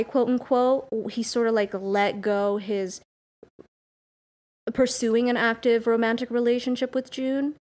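Woman podcast host, fairly high voice, casual recap chat, thinks aloud. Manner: chatty, thinks aloud with fillers.

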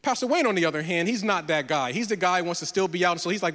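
A man with a high, light voice preaches as a pastor. He tells his story in an animated way and acts out the dialogue as he goes. The sound rings with a long hall reverb. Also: racing, hardly any pauses. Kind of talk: sermon with personal storytelling.

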